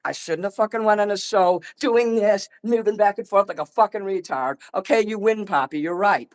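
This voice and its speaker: Brief: agitated profane man on a call-in show, slightly high voice, rambling rant. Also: normal speed, rough recording. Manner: angry, profane, repeats himself, talks over the other speaker. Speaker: artist ranting on a call-in show.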